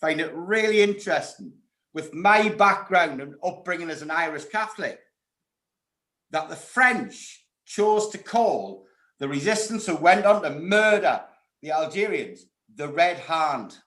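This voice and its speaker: Geordie man, panel guest, higher voice, dry wit, blunt, echoey room mic. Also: lively intonation, a little slow, fairly bright tone. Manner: wry and blunt, swears. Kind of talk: casual panel chat.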